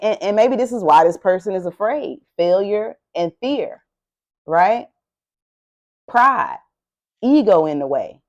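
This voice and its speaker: An animated woman gives a tarot reading in a preaching, repetitive style. Her voice sits at a middle pitch. The audio is slightly dull and lo-fi. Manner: animated and emphatic, repeats herself, talks like a preacher. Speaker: tarot reader.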